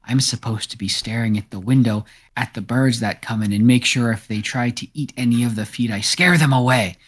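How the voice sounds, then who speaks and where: A jittery talking farm cat, as a game master puts it on, rambling and circling back on its own words. The voice wanders up and down in pitch. It comes across as part of a tabletop role-play session. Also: male voice, fairly quick, lightly acted. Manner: rambling, repeats itself.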